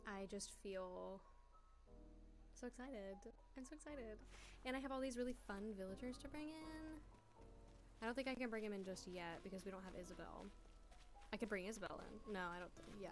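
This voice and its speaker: A woman's voice: mid-range voice, fairly quick, music in the background. A woman streamer chatting casually from a small room at home, giggly and rambling, with many fillers. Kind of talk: casual livestream chat.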